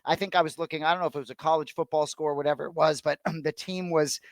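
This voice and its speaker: A man with a Boston accent co-hosting a sports podcast, trading quick upbeat banter. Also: fairly high pitch, fairly even intonation, dry recording. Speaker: sports podcast co-host and fight commentator. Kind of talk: casual podcast chat.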